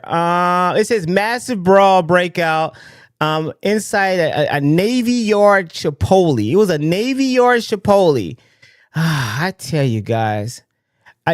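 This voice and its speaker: A man hosting a casual live political commentary stream, talking in an excitable, rambling way with lots of restarts. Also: on the high side, no echo, studio quality. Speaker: livestream political commentary host.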